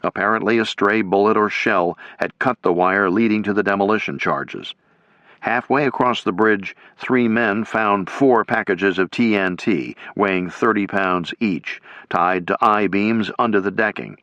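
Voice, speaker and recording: A man reading a military history audiobook in steady, measured scripted narration. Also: fairly low pitch, dry recording. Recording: dull lo-fi.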